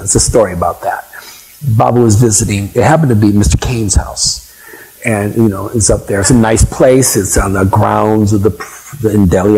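A man's voice: fairly low pitch, darkish tone, breathy edge, poor audio. An older man telling rambling, chatty stories to a live audience, full of asides. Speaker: storyteller. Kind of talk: anecdotal talk to a live audience.

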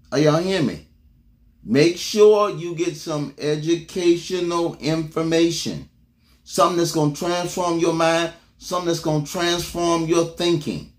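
A man preaching a motivational sermon, exhorting his congregation with call-and-response and repeated words, swinging between loud bursts and low murmurs.

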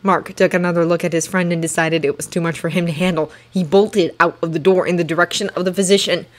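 A woman's voice: lowish voice, fairly even intonation, fast. Woman narrating a fan story. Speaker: fanfiction reader. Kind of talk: audiobook narration.

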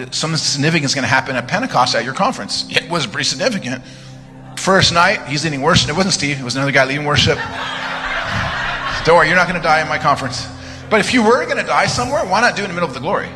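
A man preaching a live church sermon, telling stories with joking asides and sudden shouted commands. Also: a little high. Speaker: guest preacher. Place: church sanctuary. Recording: live church sermon, reverberant hall, music underneath.

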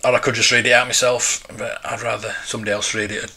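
A man's voice: mid-range voice, little pitch movement, fast, bright, forceful tone, husky. A man in his forties, hosting a casual live stream and chatting in a rambling, nostalgic way. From United Kingdom. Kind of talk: casual live-stream chat, reading viewer comments.

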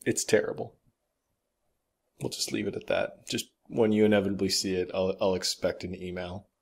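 A man's voice: low voice, steady tone, moderate pace, creaky, breathy edge. A man co-hosting a podcast, chatting casually about games and movies with blunt, opinionated remarks and casual swearing. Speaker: podcast co-host.

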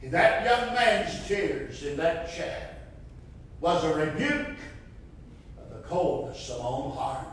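A man's voice: fairly high pitch, sing-song, slow pace, fairly bright tone, a little hiss or hum. A man preaching a sermon, fervent and rising to impassioned cries, recorded from a distance in a church sanctuary. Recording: roomy echo from far off.

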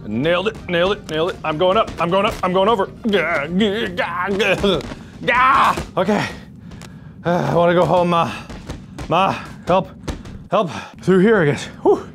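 A man in his thirties, a gaming YouTuber doing let's play commentary, animated and yelping as he plays in VR, winded from moving. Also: high voice, normal speed, soft background music. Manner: animated, yelps and jokes while playing VR.

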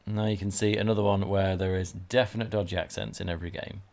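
A man's voice: low-pitched, little pitch movement, fast talker, gravelly, a little mellow. A man, streaming a video game and chatting in a joking way. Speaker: gaming streamer. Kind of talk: casual game commentary.

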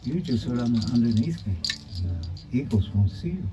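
A man voicing a large, calm, kindly male buffalo who speaks steadily. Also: medium pitch, normal speed, over music, lightly acted, low-quality recording.

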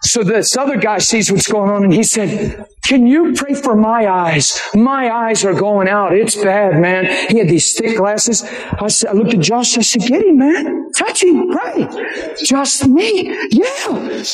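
An excitable male preacher tells stories to a live crowd, jumping into the voices of the people he describes and laughing along the way. His voice sits high for a man, and the recording rings with the echo of a large hall. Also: measured pace. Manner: excitable, acts out quoted people, laughs often. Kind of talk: animated sermon storytelling. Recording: roomy live venue recording.

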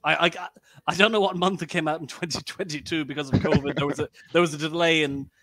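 An Irish man, a guest author, chatting in a lively, joking way with stammering restarts. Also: fairly high pitch, quick pace, dry recording. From Ireland. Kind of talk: casual podcast chat.

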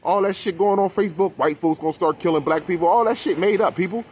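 Man, fairly high voice, fiery profane monologue to camera. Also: fast, darkish tone, slight background noise. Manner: profane, preachy, addresses his people. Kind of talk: impassioned conspiracy rant.

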